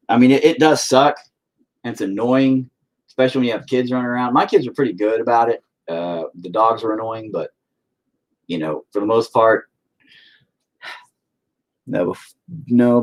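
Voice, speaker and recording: A man's voice: on the low side, normal speed, pauses often. A man chatting casually and profanely with viewers while he paints, rambling and putting himself down. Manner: profane, rambling, self-deprecating.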